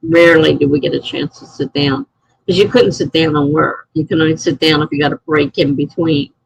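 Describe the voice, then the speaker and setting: A middle-aged woman talks casually to her live-stream chat, answering messages and laughing often. Her voice is gravelly and a little husky. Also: low-pitched, fairly even intonation, fairly quick, poor audio.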